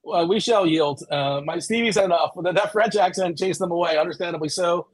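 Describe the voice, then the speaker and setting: Fast-talking husky male host. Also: high-pitched, no room sound. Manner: quick, joking banter. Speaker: show host. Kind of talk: casual stream chat.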